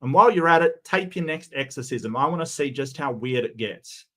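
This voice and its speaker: A man's voice: mid-range voice, animated, a little fast, fairly bright tone. Sarcastic man mocking a preacher. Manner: sarcastic, mocking, stumbling restarts. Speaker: commentator reacting to a video. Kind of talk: sarcastic reaction commentary.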